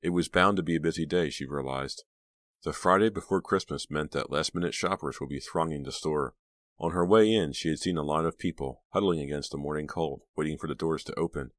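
A man narrating an audiobook in a steady, measured storytelling manner on a close mic. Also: a bass voice, dry recording. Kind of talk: scripted narration.

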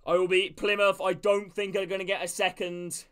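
A man streaming a live watch-along, calling the match play by play and greeting viewers from chat, with bursts of excitement at chances. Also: high-pitched, moderate pace, clean tone. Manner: calls passes by name and greets chat viewers.

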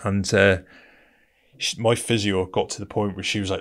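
A man's voice: fairly low pitch, level tone, moderate pace, fairly bright tone. A middle-aged British man, a military veteran, telling his story in a blunt, casual way and calling the listener "mate". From Britain. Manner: blunt, conversational, keeps saying "mate".

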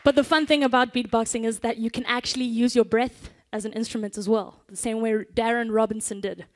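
Upbeat lady beatboxer teaching a crowd, kinda high voice, laughs a lot. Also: fairly even intonation, fairly quick. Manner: playful, upbeat, laughs often. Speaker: beatboxer performing on stage. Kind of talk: live stage demo with audience call-and-response. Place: conference stage before an audience.

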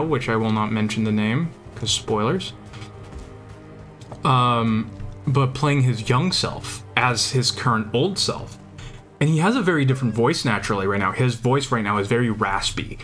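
Casting: young male streamer, casual and rambling, mid-range voice, eager, with faint game music underneath. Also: medium pitch. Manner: rambling, enthusiastic, many restarts. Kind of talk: casual chat while gaming.

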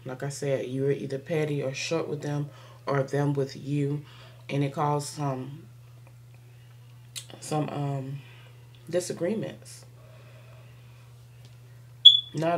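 Woman tarot reader, casual and slangy, lower voice, noise behind her. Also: fairly even intonation, measured pace, long pauses, warm tone. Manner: laughs often, chatty, slangy.

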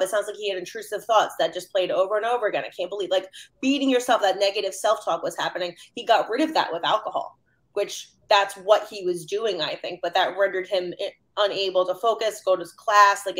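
A woman joins a casual panel discussion and talks in an animated rush. She piles up quick asides and fillers as her thoughts run on. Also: medium pitch. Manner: animated, rapid asides with many "like"s. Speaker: counselor panelist.

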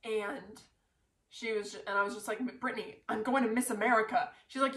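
A woman excitedly retelling her pageant win to camera, talking in a breathless rush full of "like" fillers. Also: a little high, brisk. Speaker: pageant titleholder. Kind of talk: casual storytelling to camera. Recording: roomy echo.

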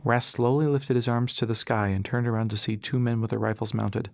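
A man reading an audiobook as narrator, in a steady storytelling manner. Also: medium pitch, a little fast, vocal fry, no echo, studio quality.

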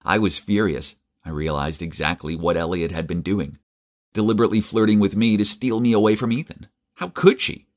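A man telling a dramatic first-person story with a very deep voice. His delivery is conversational, shifting between musing and exclamation. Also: fairly even intonation, a little fast. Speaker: narrator.

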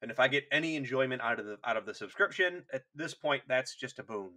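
A man's voice: medium pitch, animated, quick pace, bright, forceful tone. A man co-hosting a podcast in casual chat, rambling along with jokes and restarts. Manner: rambling, hesitant restarts, jokey. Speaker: podcast co-host.

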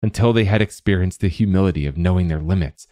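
A man narrating a literary short story as host, in a measured, even storytelling manner. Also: deep voice, no echo, studio quality. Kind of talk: scripted fiction narration.

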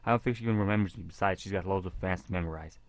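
A man reading a visual novel aloud in a casual, halting way with jokey asides. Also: low-pitched, no echo. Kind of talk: casual game reading with commentary.

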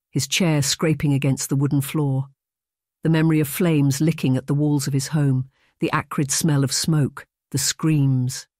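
An audiobook narrator reading a romance novel in a measured, even storytelling voice. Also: medium pitch, no echo, clean studio sound.

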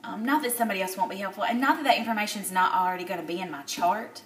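A woman's voice: mid-range voice, a bit bright, distant mic, slight background noise. Upset woman in her thirties, tearful. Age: 30s. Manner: emotional, tearful, halting with many fillers. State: upset, near tears. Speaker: vlogger. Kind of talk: personal video diary. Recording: roomy echo, a bit off-mic.

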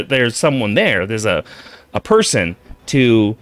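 A man spins a long, meandering joke, stumbling over his words and breaking off to restart. His pitch swings widely as he goes, and faint music sits behind him. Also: big pitch swings, unhurried, fairly bright tone, no room sound. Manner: digressive, stammering, self-interrupting. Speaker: comedian telling a shaggy-dog joke. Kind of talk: rambling comic storytelling.

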